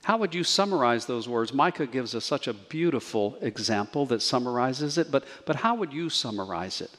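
A man preaching a sermon as pastor, measured and earnest, slowing down to stress key words. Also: medium pitch, lively intonation, fairly bright tone, long reverb tail. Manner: measured, earnest preaching with slow emphatic pauses.

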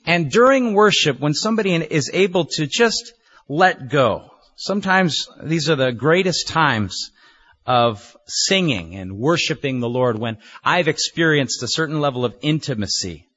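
A man preaching a sermon as a pastor, earnest and measured, leaning on repeated phrases for emphasis. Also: on the high side, lively intonation, fairly bright tone, highs cut off.

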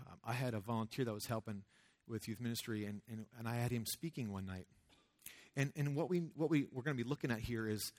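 Man, youth pastor, casual sermon, conversational, animated. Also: mid-range voice. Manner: conversational, animated, acts out quoted voices.

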